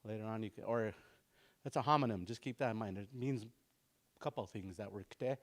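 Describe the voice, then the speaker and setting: A man teaching a language class in a relaxed, casual way, saying words slowly and repeating them for learners. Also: lowish voice.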